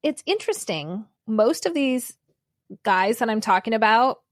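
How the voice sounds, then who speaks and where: Lively, chatty woman podcast co-host. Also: fairly high pitch, a little slow, no room sound, studio quality. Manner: chatty, laughs often, shares trivia. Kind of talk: casual chat.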